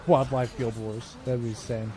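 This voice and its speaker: Mellow-voiced man chatting through gameplay. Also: medium pitch, flat delivery, normal speed. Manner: chatty, jokey, laughing often. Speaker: streamer. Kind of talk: casual gameplay commentary.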